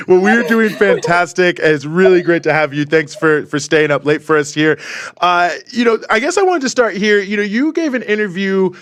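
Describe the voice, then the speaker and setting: A man hosting a political talk show, talking casually with quick asides. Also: high-pitched, fairly bright tone, dry recording. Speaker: host.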